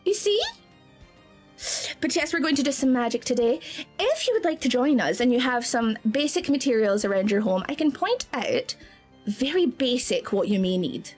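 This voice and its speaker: A woman VTuber streamer chatting casually with viewers, bubbly and excitable, laughing often. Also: on the high side, moderate pace, faint music behind. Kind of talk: casual live-stream chat.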